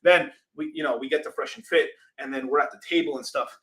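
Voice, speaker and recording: A man hosting a casual vlog, telling an animated, profane story with lots of laughing asides. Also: on the high side, quick pace. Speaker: crypto channel host.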